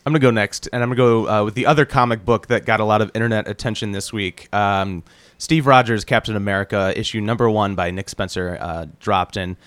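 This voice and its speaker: Lower-voiced man on a podcast. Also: steady tone, fairly quick, a bit bright, no room sound. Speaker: podcast co-host. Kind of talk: casual podcast chat.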